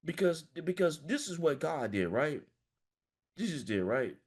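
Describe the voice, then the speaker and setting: A man's voice: on the high side, very animated, unhurried, breathy edge. Passionate man coaching on a call. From small-town Florida, US. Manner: passionate and emphatic, repeats "man" constantly. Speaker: financial coach. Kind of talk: motivational talk to a group call. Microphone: video call.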